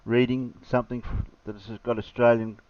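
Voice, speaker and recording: A man hosting a live stream, chatting casually and muttering hesitantly while he works his stream software. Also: mid-range voice, level tone, a little fast, dry recording. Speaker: livestream host. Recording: distant muffled mic.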